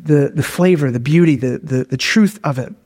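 A man's voice: fairly high pitch, normal speed, a little mellow, long reverb tail. A man giving a conversational sermon who keeps checking in with his listeners with "okay?" and "all right?". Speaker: preacher.

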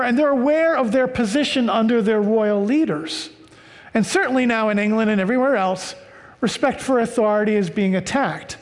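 An American man preaching a sermon, reading scripture and explaining it with slow, deliberate emphasis. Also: extremely high pitch, in a large hall. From United States. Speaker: pastor.

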